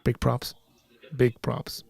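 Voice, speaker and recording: A man's voice: takes it slowly, darkish tone. A man hosting a casual call-in livestream, joking and rambling with frequent restarts. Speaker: livestream host.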